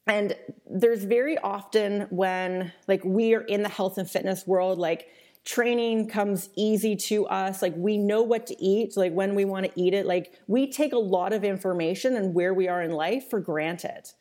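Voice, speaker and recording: A woman's voice: mid-range voice, moderate pace, darkish tone. A woman business coach giving a webinar training in a casual, chatty way, full of fillers and the odd mild swear word.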